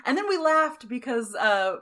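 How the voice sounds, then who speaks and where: Brash Texan woman, higher voice. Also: sing-song, moderate pace, a bit bright. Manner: brash, swears freely, laughs often. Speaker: podcast co-host. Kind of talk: casual chat.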